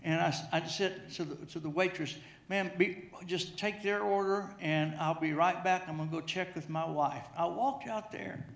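A man's voice: high voice, normal speed, gravelly, hardly any pauses, a bit bright. A middle-aged man preaching a sermon, telling a humorous personal story, often repeating his words as he goes. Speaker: pastor. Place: church sanctuary. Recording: echoey church hall.

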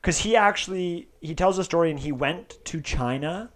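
A man's voice: fairly high pitch, normal speed. A young man chatting casually, rambling with lots of filler words and restarts. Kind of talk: casual chat.

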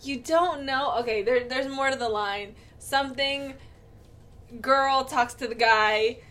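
A woman's voice: sits high, slow pace, a bit bright. A young woman co-hosting a casual podcast, blunt and teasing, swearing freely. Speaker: podcast co-host. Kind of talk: casual chat.

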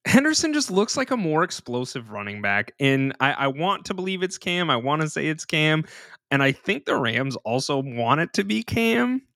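A man's voice: fairly high pitch, big pitch swings, moderate pace, a bit bright, no echo, clean studio sound. A man hosting a podcast, talking in a chatty, informal way. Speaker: podcast host. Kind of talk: casual podcast chat.

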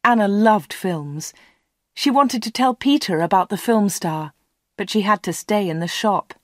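A woman narrating a storybook slowly and clearly for learners. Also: medium pitch, lively intonation, no room sound, clean studio sound. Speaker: audiobook reader.

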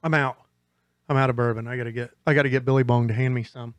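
A man's voice: mid-range voice, fairly even intonation, quick pace, dry recording. A man in his forties, co-hosting a podcast in a studio, trading profane, joking banter. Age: 40s. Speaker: podcast co-host. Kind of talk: casual chat.

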